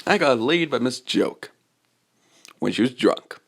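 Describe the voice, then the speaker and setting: A man voicing a calm, matter-of-fact young male mercenary at a hero school, in his own everyday voice. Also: mid-range voice, measured pace, creaky, exaggerated voice.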